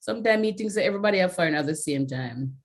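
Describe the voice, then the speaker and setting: Jamaican woman host, lowish voice, chatty and loose, lots of fillers, video-call sound. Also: expressive, fast talker. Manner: chatty, many "you know" fillers, slips into patois. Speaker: webinar host. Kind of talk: casual chat closing a webinar.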